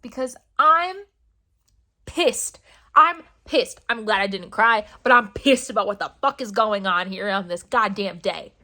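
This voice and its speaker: A woman's voice: medium pitch, fairly even intonation, normal speed, hardly any pauses, sharp tone. A young woman vlogging casually about books, ranting dramatically and swearing in mock outrage. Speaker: book vlogger. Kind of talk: casual reading vlog rant.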